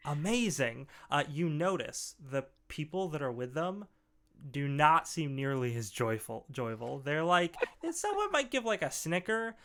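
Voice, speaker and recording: A man running a tabletop game who describes the scene in a casual, rambling way. His voice is gravelly with a smooth, resonant tone. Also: a little high, big pitch swings, normal speed, fairly bright tone. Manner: loose, filler-heavy description. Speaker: game master.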